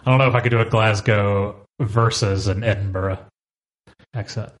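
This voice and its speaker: A man's voice: on the low side, steady tone, moderate pace. A man co-hosting a casual comic-book podcast, reading dramatically in a hammy way. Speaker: podcast co-host.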